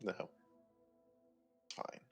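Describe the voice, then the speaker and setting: A man's voice: very slow, a bit bright, soft background music. A man playing in a tabletop game, talking casually in rambling thoughts that trail off. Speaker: player.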